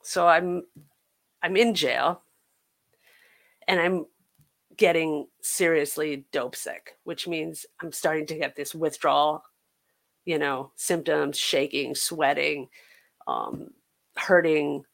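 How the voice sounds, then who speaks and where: Her intonation fairly even, this American podcast guest shares her recovery story in an earnest, halting way, frequently starting sentences over. She has a low, creaky voice with a fairly bright tone.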